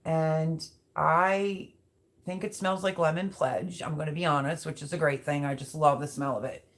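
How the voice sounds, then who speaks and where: A woman's voice: low-pitched, steady tone, moderate pace. Woman, live-stream host, casual and rambling, speaks directly to chat. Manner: chatty, rambling, talks straight to viewers. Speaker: livestream host reading chat.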